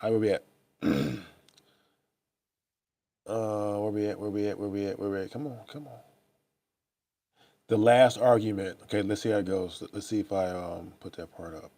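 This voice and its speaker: A man's voice: on the low side, fairly even intonation, moderate pace, pauses often, mellow. A young man, chatting casually and profanely with viewers on a live stream from his laptop. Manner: loose, profane, talks straight to viewers. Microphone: laptop or phone mic.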